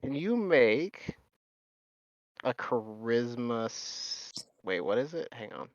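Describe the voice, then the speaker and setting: A man narrating as game master, talking haltingly with many fillers. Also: mid-range voice, lively intonation, dry recording, dull audio.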